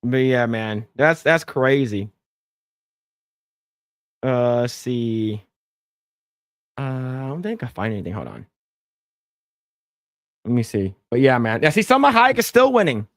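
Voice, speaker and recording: A man's voice: medium pitch, big pitch swings, a little slow, pauses often, dry recording, studio quality. A man hosting a casual livestream podcast, rambling, repeating words and thanking donors. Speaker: podcast host.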